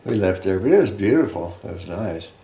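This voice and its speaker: Old guy from colorado, deep gravelly voice, rambles slow with lots of ums, echoey room. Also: big pitch swings, warm tone. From Colorado, United States. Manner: halting, rambling reminiscing with fillers. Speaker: veteran interviewee. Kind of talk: oral history storytelling.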